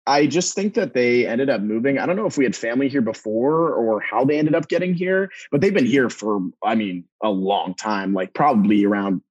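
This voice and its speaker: A man's voice: mid-range voice, a little fast, hardly any pauses, husky, highs cut off. A young man from Texas, a guest on a podcast, talking earnestly and politely and laughing easily. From Dallas, Texas. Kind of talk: casual interview chat.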